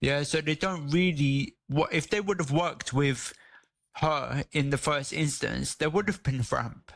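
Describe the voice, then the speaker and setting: A man chatting in a radio studio, his voice pitched a bit high and edged with gravel. He talks loosely, full of slang and stumbling restarts. The sound is dry and close. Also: unhurried, dry recording. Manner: relaxed, street slang, many restarts. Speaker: radio guest, disability campaigner. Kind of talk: casual radio chat.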